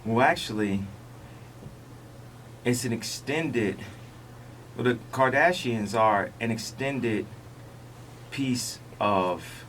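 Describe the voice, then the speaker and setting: A man speaking as a radio interview guest, talking in slow, halting phrases that he often restarts. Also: mid-range voice, fairly bright tone, recorded from a distance, a little hiss or hum, rough recording.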